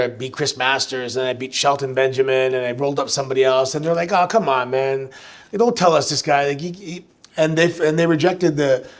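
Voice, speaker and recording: A man answering fan questions at a live show, telling animated stories with frequent restarts. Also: medium pitch. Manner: animated, chatty storyteller who restarts sentences. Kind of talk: live on-stage storytelling Q&A. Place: live show venue with audience.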